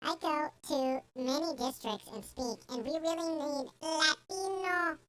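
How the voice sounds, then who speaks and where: A man putting on a mocking impression of a young woman politician, with an exaggerated, drawn-out, singsong delivery. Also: very high-pitched, huge pitch swings, fairly bright tone, pitched above the performer's own voice, heavily acted.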